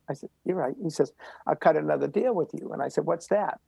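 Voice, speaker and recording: Older male interview guest, gravelly and breathy, punchy repeated phrases. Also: on the high side, fast, warm tone, no room sound. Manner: emphatic, repetitive motivational delivery. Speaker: guest runner. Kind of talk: storytelling interview.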